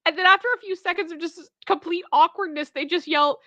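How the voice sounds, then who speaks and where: Woman livestream host, bright and lively, chatting with viewers. Dry, slightly dull audio. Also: very high-pitched, fairly quick, few pauses, dry recording. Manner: animated, retells a sketch with character voices. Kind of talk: casual livestream chat.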